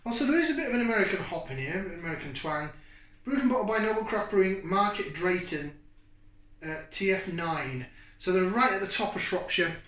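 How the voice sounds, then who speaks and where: Casual host thinking aloud with fillers; sharp, forceful tone, recorded off-mic. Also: male voice, high voice. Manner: rambling and chatty, thinking aloud with many fillers. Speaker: beer reviewer and channel host. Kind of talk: casual beer review to camera. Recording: echoey room, mic at a distance.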